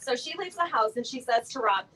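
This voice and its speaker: A woman's voice: fairly high pitch, expressive, fairly quick, pushed and bright, distant mic, a little hiss or hum, rough recording. A middle-aged woman giving a motivational talk to a live audience from a stage, chatty and playful, full of fillers and laughing asides. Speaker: motivational speaker at a sales event.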